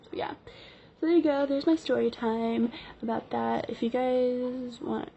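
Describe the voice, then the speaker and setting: Woman vlogger for casual story-time narration: rambling and filler-heavy, warm low tone, muffled home recording. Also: a little slow, vocal fry, a little hiss or hum. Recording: dull lo-fi recording.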